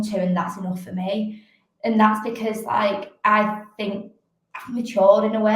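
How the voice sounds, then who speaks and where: A young woman, a fitness coach, talking candidly in a casual chat and filling her speech with "like". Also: medium pitch. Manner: chatty, fills speech with "like". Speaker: podcast guest, fitness coach and athlete. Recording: very echoey room.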